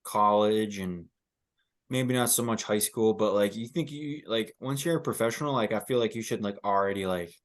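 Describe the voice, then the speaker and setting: A man's voice: on the low side, moderate pace. A young man co-hosting a casual podcast, rambling with many fillers. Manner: rambling, heavy use of like. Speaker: podcast co-host.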